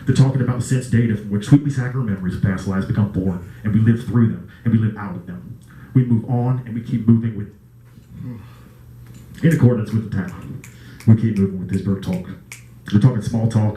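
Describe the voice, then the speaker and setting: A man's voice: lowish voice, mellow, reverberant, rough recording. A man performing spoken word poetry at an open mic, with a repetitive, incantatory chanting delivery and occasional casual asides. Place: small live music venue, indoors.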